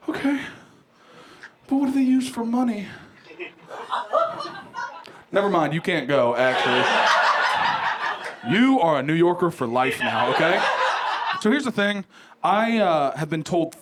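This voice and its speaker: Young male comic, high-pitched and brash, live club recording with the crowd audible. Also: heavy background noise. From Ohio. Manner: brash, profane, animated storytelling. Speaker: stand-up comedian. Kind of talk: stand-up comedy set. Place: comedy club stage with live audience.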